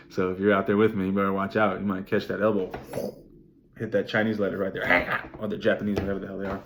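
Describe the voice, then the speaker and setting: A young man recapping his race in a vlog, excited and rambling, swearing freely and saying "like" often. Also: sits low, brisk, noisy background. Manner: excited, rambling, swears a lot, many "like" fillers. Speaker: vlogger.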